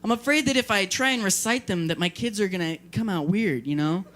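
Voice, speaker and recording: A young man performing a stand-up comedy set at a party, animated and acting out scenes in a raised, scolding voice. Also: sits high, fairly quick. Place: party venue with live audience.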